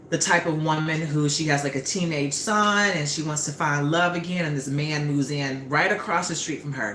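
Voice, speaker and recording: A young woman hosting a casual livestream while cooking, an animated, chatty storyteller who swears freely. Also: deep voice. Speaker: livestream host. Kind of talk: casual live-stream chat while cooking. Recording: roomy with faint background noise.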